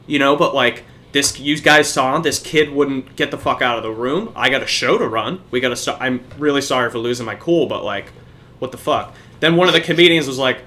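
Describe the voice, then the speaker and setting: A man's voice: medium pitch, animated, a little fast, pushed and bright. A young man, a podcast co-host, telling a profane story in casual chat.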